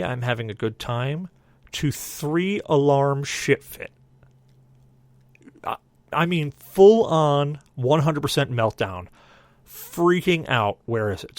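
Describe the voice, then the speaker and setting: A young man spins a rambling story on a podcast, his pitch swinging widely as he acts out what everyone said. The sound is dry and close, with no room around it. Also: no room sound. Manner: animated, voices others in quoted dialogue. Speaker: podcast co-host. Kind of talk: casual storytelling.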